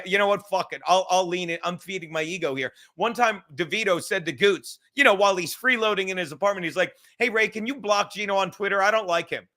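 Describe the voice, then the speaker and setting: A high, bright-toned man with a New York accent rants through a livestream podcast. He swears constantly and wanders off on tangents. His voice jumps from shouting at viewers to low, mumbled asides. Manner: loud, swearing, rambling, shifts from shouting to mumbling. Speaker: podcast host. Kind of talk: profane livestream rant.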